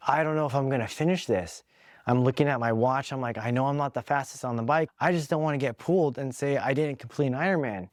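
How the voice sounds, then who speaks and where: A man's voice: medium pitch, no room sound, clean studio sound. A young adult man hosting a podcast, telling a personal story in an earnest, candid way, emotional and holding back tears. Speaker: podcast host.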